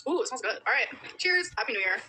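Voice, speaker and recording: A woman vlogging to camera, chatty and excitable in casual talk. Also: fairly high pitch, quick pace. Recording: noisy vlog clip replayed.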